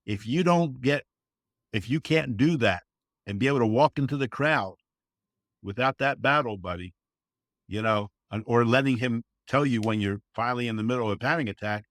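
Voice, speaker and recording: This man, a service dog trainer appearing as a podcast guest, speaks at medium pitch in casual conversation. He's earnest and folksy, peppering his talk with "you know" and acting out quotes, and the clean studio sound has no echo.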